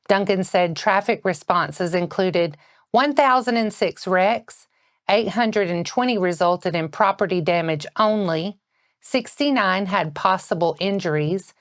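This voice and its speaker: A woman anchoring a local morning news bulletin with a Southern American accent, reading in a steady, measured way. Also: mid-range voice, dry recording, studio quality.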